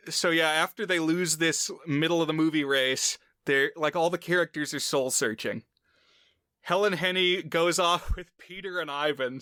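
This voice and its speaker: A man's voice: on the high side, pushed and bright, clear, resonant tone, no echo, studio quality. A man chatting casually on a film podcast, explaining plot points in a rambling way with lots of fillers. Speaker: podcast co-host.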